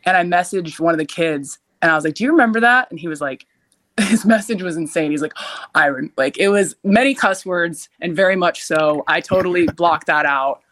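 A young adult woman, a podcast guest, telling a frightening story in a casual, animated way, with frequent "like" fillers and loud shouted quotes. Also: fairly low pitch, moderate pace. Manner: uses many fillers like "like".

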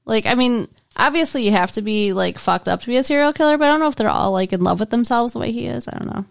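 A woman co-hosting a casual movie discussion, blunt and quick to groan in disgust. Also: fairly high pitch, expressive, creaky, no echo, studio quality. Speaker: podcast co-host.

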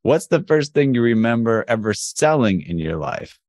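A male co-host runs quick questions and jokes around. His pitch moves a lot. The sound is dry and close. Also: big pitch swings, darkish tone, no echo. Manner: joking, laughs often. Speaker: podcast co-host. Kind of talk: casual interview.

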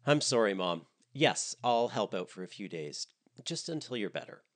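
A man's voice: fairly low pitch, big pitch swings, moderate pace. A man reading a story, voicing a blunt, exasperated grown daughter.

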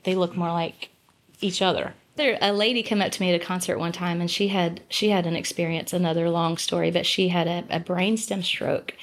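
A middle-aged woman, a gospel singer guesting on a podcast, telling a personal story in an earnest, rambling way with many restarts. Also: fairly low pitch. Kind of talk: casual storytelling in conversation.

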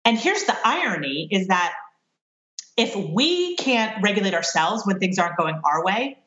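A woman's voice: medium pitch, expressive, normal speed, fairly bright tone. A woman in a conversation, earnestly explaining parenting strategies and laughing at her own mistakes. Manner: earnest, self-deprecating, laughs at herself. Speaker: parenting expert guest. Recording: roomy, dull lo-fi sound.

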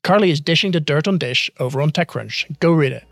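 A man hosting a podcast, reading a news roundup in a brisk way and then interviewing a colleague with dry quips. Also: fairly high pitch, vocal fry, fairly bright tone, dry recording, faint music behind. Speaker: podcast host.

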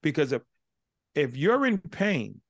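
Male guest speaker, casual and animated, acts out the dialogue in his stories, with a gravelly edge and little room sound. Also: on the high side, takes it slowly, no room sound, clean studio sound. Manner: animated storyteller acting out dialogue. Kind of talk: casual interview storytelling.

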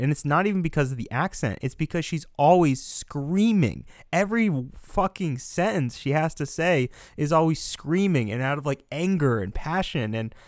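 Young American man, casual film-podcast co-host, animated ranter, dry close mic. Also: a little high, no echo. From United States. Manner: animated, ranting, swears and laughs often.

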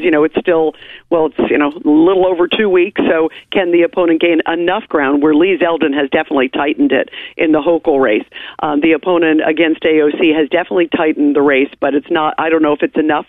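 An emphatic, animated woman talk radio host speaks as a call-in guest. Her voice comes through a thin, phone-like line with a dry, close sound and no room around it. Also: lowish voice, no echo. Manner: emphatic, animated, laughs easily.

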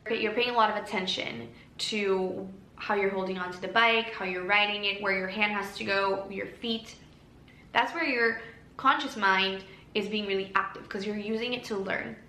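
A woman speaking as a self-help podcaster in a gentle, encouraging monologue, slowing down to stretch key words. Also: medium pitch. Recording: roomy with faint background noise.

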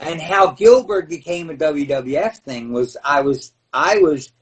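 A high-voiced man spins animated stories, laughing and acting out scenes. He sits a little away from the microphone, so his voice sounds slightly distant. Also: measured pace. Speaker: guest, former pro wrestler. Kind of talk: podcast storytelling. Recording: voice a bit far from the mic.

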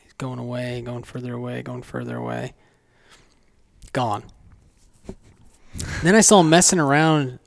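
A man on a hunting podcast, calmly telling his story step by step in casual chat. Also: medium pitch, a little slow, creaky, pauses often, a little hiss or hum. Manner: relaxed, plays the scene out step by step. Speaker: podcast co-host and hunter.

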